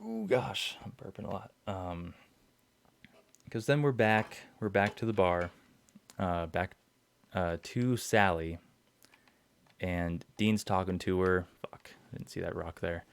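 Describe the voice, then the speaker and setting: A man's voice: low voice, takes it slowly, long pauses, clear, resonant tone, no room sound. A young man hosting a podcast, rambling through an episode recap with lots of fillers, swearing and chuckles. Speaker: podcast host.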